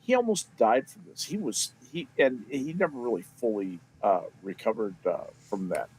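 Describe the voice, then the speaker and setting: A man with a very lively, swooping pitch, telling a story casually to fellow panelists. A faint background hum sits under his voice. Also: moderate pace, poor audio. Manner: storytelling, expressive, swearing.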